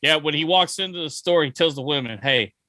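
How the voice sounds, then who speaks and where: A man's voice: on the high side, fast, bright, forceful tone, no room sound. Rambling man in his forties. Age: 40s. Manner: rambling, jokey, many ums and uhs. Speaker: podcast co-host. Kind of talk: casual movie review chat.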